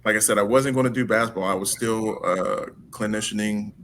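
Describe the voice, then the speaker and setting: Brief: man, interview guest, lively anecdotes with acted-out voices; lowish pitch, bright tone. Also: brisk, a little hiss or hum. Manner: animated, acts out dialogue with laughs. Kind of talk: casual storytelling.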